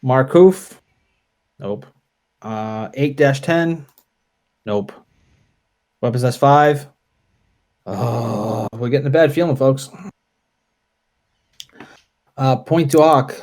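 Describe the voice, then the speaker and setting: A man playing a tabletop wargame, calling out dice results and unit moves in a relaxed, deliberate way. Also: medium pitch. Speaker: wargame player. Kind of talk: casual play-through commentary.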